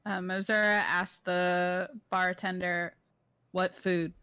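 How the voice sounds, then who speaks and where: A woman's voice: fairly low pitch, flat delivery, takes it slowly, pushed and bright, smooth, no room sound. A woman player in a tabletop game, hesitant and playful.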